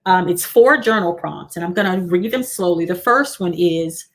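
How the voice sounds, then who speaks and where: A woman hosting a motivational livestream as a coach, speaking encouragingly and repeating key lines slowly. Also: fairly low pitch. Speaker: host and coach.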